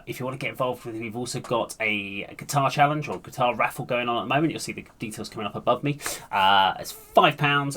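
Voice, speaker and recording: A man's voice: fairly low pitch, bright, forceful tone, slight background noise. A man hosting a music reaction video, chatty and rambling with lots of filler. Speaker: reaction channel host. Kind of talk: casual reaction vlog.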